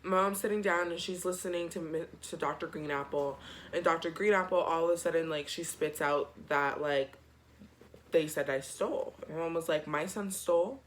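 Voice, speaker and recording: A young man telling a storytime vlog in a chatty, slangy, dramatic way. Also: on the high side. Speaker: vlogger. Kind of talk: casual storytime.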